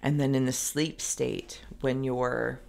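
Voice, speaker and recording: A woman talks the viewer through a tarot reading in a rambling, meandering way, with plenty of "like." Her voice has a gravelly, creaky edge. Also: a bass voice, fairly even intonation, takes it slowly, darkish tone. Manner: speaks directly to the viewer. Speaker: tarot reader.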